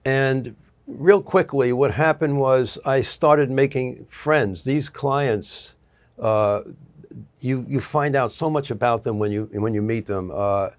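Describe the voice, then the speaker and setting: A middle-aged man, an annuity producer appearing as an interview guest, tells rambling stories with restarts and acts out quotes. He speaks slowly at a medium pitch.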